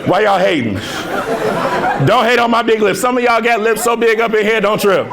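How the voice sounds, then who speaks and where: A young man from near Chicago giving an energetic keynote speech to students, joking and leading call-and-response chants with slangy, playful talk. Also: sits high, normal speed, over a noisy crowd. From Harvey, Illinois, near Chicago. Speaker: keynote speaker. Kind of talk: motivational speech to a student crowd. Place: large hall with a student audience.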